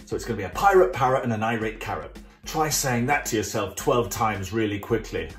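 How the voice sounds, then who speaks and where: A man's voice: lowish voice, lively intonation, a little fast. A man hosting a children's art club, explaining each drawing step in a chatty, playful, jokey way. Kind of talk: drawing tutorial for kids. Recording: roomy sound with faint music.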